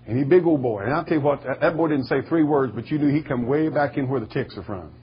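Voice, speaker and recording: A man preaching a sermon in a folksy storytelling way, with a husky voice. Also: mid-range voice, fast talker, lo-fi sound. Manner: folksy storytelling, rising to shouting bursts. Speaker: pastor.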